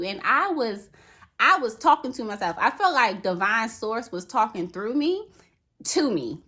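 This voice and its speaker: A woman talking casually to camera as a vlogger, chatty and animated, peppering her talk with "okay" and "right". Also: a little high, unhurried. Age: adult with a daughter.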